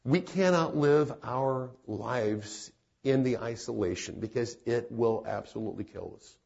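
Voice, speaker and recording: A man's voice: lowish voice, creaky, darkish tone, husky, muffled recording. A man preaching a sermon as a pastor, telling a story in an earnest way and repeating phrases for emphasis.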